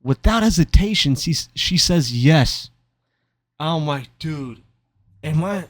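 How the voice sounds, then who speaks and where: A young man chats his way through a long personal story while commenting on gameplay, tripping over his words and poking fun at himself. His voice sits a little high for a man, and the sound is dry and close, with no room around it. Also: animated, slow pace, no room sound. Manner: rambling, stammering, self-mocking. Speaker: gaming commentator.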